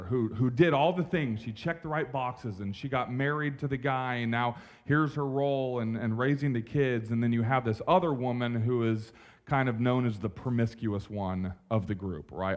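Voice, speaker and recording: Young male pastor, mid-pitched, preaching a sermon from a church stage; animated, conversational delivery with slang and asides.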